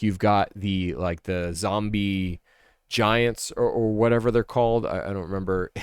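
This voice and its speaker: A man's voice: fairly low pitch, a little mellow, clear, resonant tone, no room sound, studio quality. A man chatting casually as a streamer, rambling and thinking aloud, often correcting himself mid-sentence. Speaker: streamer ranking a series. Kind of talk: casual chat.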